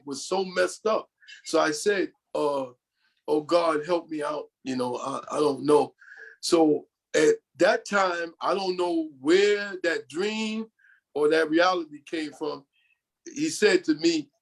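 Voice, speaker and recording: Older New York man telling stories. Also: fairly high pitch. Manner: rambling, often quoting others. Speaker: podcast guest. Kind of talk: storytelling in an interview.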